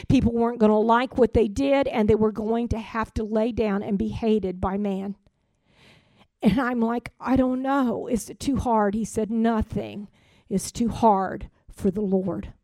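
A woman preaching, telling a spiritual testimony in an earnest storytelling way, sometimes trailing off quietly. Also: high voice, dry recording. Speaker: prophetic speaker. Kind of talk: sermon testimony.

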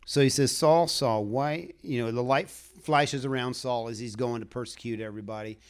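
A man delivers a sermon in a loose, conversational style, wandering through his points. He chuckles along the way and talks straight to the congregation, even asking for a show of hands. His voice sits at an ordinary middle pitch. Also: normal speed, clean tone. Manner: folksy, rambling, chuckles often, asks for a show of hands. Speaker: preacher.

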